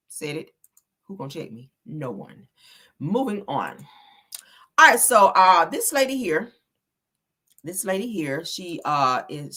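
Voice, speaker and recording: A woman's voice: sits low, bright, forceful tone. A woman host giving sassy, mocking gossip commentary, exasperated and teasing.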